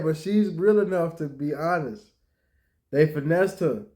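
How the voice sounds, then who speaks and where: A man's voice: on the high side, unhurried, darkish tone. A man giving reaction commentary, blunt and joking, full of slang.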